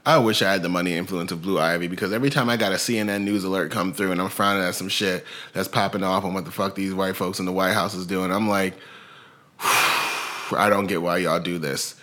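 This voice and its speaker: A man's voice: sits low, steady tone, fast talker, fairly bright tone. A man co-hosting a casual comedy chat, riffing with profanity and laughter. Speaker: podcast co-host.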